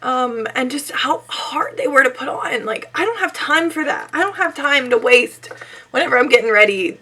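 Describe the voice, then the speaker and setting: A woman's voice: sits high, animated, normal speed, sharp tone, breathy edge. A young woman beauty vlogger with a scratchy, sick-sounding voice, chatting casually and self-deprecatingly through a makeup tutorial.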